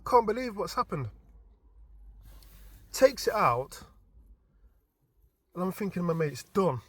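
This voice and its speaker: A man casually telling a story from his dream as a vlogger, animated and informal, often stumbling and restarting his words. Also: high voice, slow, husky, dry recording. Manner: animated retelling with frequent stammered restarts; informal and chatty.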